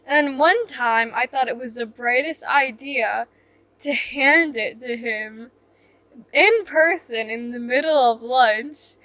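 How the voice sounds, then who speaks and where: Bright high-voiced young woman vlogger. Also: slow pace, no echo. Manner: rambling, full of "like" fillers, self-mocking. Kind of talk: casual storytime chat.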